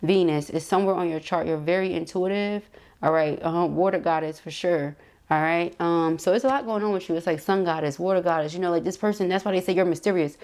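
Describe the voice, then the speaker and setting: A woman's voice: lowish voice, quick pace, a little mellow. A woman giving a casual, emphatic tarot reading straight to her viewers. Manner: chatty, emphatic, addresses viewers directly with asides and laughs. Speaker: tarot reader.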